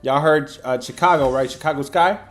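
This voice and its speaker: A man hosts a sports betting livestream. He talks in a loose, slangy way with lots of fillers and lively bursts of energy, reading chat and calling out his picks. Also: on the high side, a little fast, faint music behind. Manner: animated, slangy, many fillers. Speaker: livestream host and sports handicapper.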